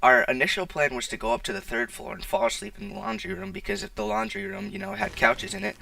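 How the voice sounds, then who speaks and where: A man's voice: high voice, quick pace, gravelly, pushed and bright, slight background noise. A teenage boy telling a casual storytime, rambling with lots of "like" and restarts, recorded on a poor mic. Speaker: vlogger. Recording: distant, dry, poor-quality mic.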